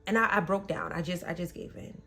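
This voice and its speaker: A woman podcast host openly recounting an abusive relationship, blunt and emotional, sometimes dropping to a hush and sometimes rising sharply. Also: fairly low pitch, a little fast, soft background music. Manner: blunt, emotional, swings between soft and loud. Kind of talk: candid personal storytelling.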